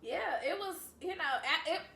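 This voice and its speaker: A woman in her thirties, co-hosting a podcast, telling stories in a lively casual chat and acting out what others said. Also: very high voice, normal speed, gravelly, reverberant, far from the mic, slight background noise. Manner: animated storyteller, acts out quotes. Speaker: podcast co-host.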